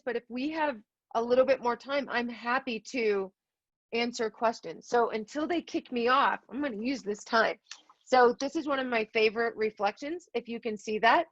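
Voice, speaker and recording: A middle-aged woman with a fairly high voice speaks earnestly to teachers, repeating her phrases for emphasis. The sound is dry and a little dull, like audio from a video call. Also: dry recording. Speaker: keynote speaker. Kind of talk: heartfelt virtual conference talk.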